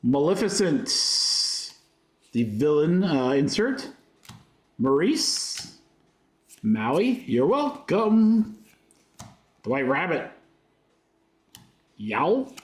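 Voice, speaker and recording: A man's voice: on the high side, big pitch swings, extremely slow, long pauses, reverberant. A man hosting a trading card break, rattling off card names with chatty asides to his viewers. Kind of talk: casual livestream commentary while opening packs.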